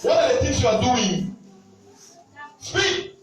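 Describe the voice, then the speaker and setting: A man's voice: very high voice, sing-song, takes it slowly. A man leading a deliverance prayer as a prophet, commanding and interrogating, repeating his words. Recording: echoey hall, distant mic, faint music.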